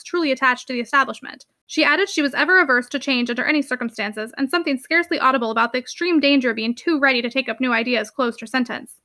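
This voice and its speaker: A woman narrating a classic novel aloud with a brisk, expressive reading. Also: sits high, no room sound, clean studio sound. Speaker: audiobook narrator.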